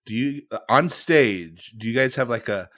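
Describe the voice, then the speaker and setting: A man's voice: medium pitch, lively intonation, moderate pace, fairly bright tone, no room sound, clean studio sound. A man co-hosting a casual podcast, telling rambling stories with laughter. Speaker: podcast co-host. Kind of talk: casual chat among improvisers.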